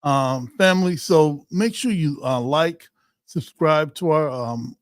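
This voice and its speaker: A man hosting a community podcast in casual chat, quick with affirming interjections. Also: on the high side, dry recording, clean studio sound. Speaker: podcast host.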